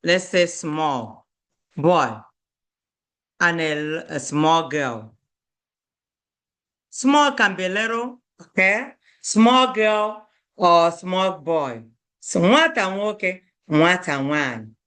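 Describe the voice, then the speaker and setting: A woman's voice: lowish voice, expressive, extremely slow, pauses often, fairly bright tone, clean tone. A woman teaching a beginner language lesson, repeating each word and checking in with "okay?".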